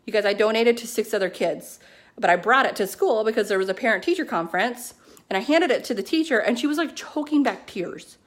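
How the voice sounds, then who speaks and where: A woman at home, talking to her business team in a casual motivational pep talk, excited and chatty, filling her speech with "like" and "you know.". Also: fairly high pitch, a little fast. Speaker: network marketing team leader. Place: at home with her kids nearby.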